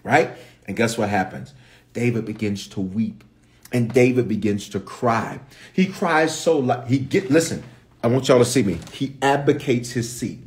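A man's voice: mid-range voice, normal speed. A man with a Memphis accent, a bishop giving livestream Bible teaching with slangy storytelling and asides to viewers. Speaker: bishop and pastor.

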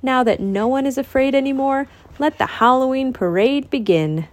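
A woman voicing a cheerful young boy in a read-aloud storybook, in a bright, lively voice. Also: high-pitched, moderate pace, voice pushed up, natural voice. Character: young boy who laughs at his friends' fears.

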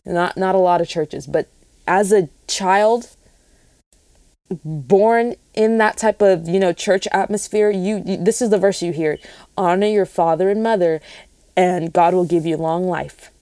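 A young woman with a low, mellow voice shares a personal Christian testimony. She talks in an earnest, rambling way and keeps restarting her sentences. The sound is close and dry. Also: unhurried, clear, resonant tone, no room sound. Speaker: Christian speaker sharing a testimony. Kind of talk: casual spoken testimony.

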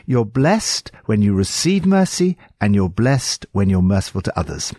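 A man's voice: lowish voice, sing-song, normal speed, mellow, dry recording, studio quality. A man with an English accent giving earnest, pastoral devotional commentary on scripture.

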